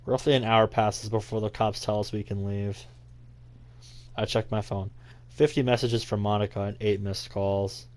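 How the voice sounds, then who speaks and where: A man's voice: on the low side, little pitch movement, moderate pace, a little mellow. A young man reading a visual novel aloud as a let's play host, with dry, sarcastic asides. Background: faint game music.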